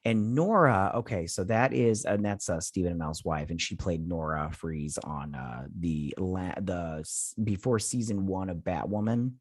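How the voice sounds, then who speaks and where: A man's voice: low voice, a little slow, hardly any pauses, dry recording, clean studio sound. A man hosting a casual TV episode recap and review, rambling with lots of fillers and sounding exasperated. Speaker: TV review host.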